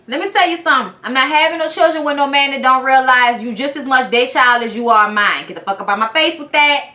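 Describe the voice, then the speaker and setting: A woman reviewing a reality TV episode in a blunt, animated and profane casual rant. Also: sits high, quick pace. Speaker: TV show reviewer. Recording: echoey room.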